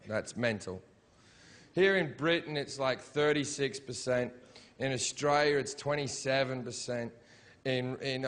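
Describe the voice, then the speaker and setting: A man doing a live stand-up routine on a comedy stage, crude and provocative, swearing constantly and working up into mocking shouted rants. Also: mid-range voice.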